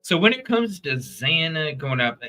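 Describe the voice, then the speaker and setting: A man hosting a casual true crime livestream, talking straight to his chat viewers in an animated, profane, rambling way. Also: a little high, a little slow, faint music behind.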